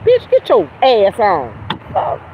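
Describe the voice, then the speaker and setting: A woman hosts a livestream from outside by a road, her voice set against clear traffic noise. She rants in a heated, profane, confrontational way. Her delivery lurches between loud outbursts and quiet mutters. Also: medium pitch, huge pitch swings, slow pace, narrow, tinny audio. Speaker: livestream host. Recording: outdoor traffic noise behind voice.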